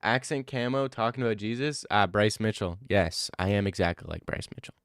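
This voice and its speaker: Young male streamer with a clear, crisp voice on a dry close mic, jokey and loose. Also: lowish voice, brisk, a bit bright, dry recording. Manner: joking, laughs often, swears casually. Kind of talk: casual reaction stream.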